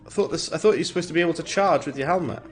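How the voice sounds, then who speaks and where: A man's voice: fairly high pitch, rapid-fire. A man giving casual, rambling gameplay commentary as a streamer, chuckling at his own jokes. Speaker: gaming streamer. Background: faint game music.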